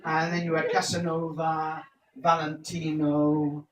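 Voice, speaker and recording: A man's voice: fairly high pitch, little pitch movement, a little slow, lo-fi sound. A man doing a stand-up comedy set, telling punchy jokes and quizzing the audience. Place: live comedy venue. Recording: echoey, distant, noisy room recording.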